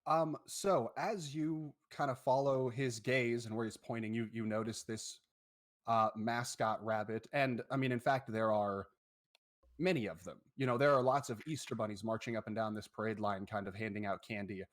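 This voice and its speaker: A man's voice: lowish voice, fairly even intonation, moderate pace. A man narrating a tabletop game as the game master, describing scenes in a loose, descriptive way.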